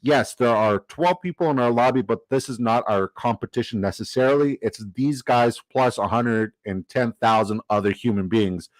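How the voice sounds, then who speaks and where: Man, livestream host, casual, chatty, mid-pitched voice, dry sound. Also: moderate pace, hardly any pauses, dry recording, low-quality recording. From Canada. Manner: upbeat, chatty, gives shout-outs; casual swearing.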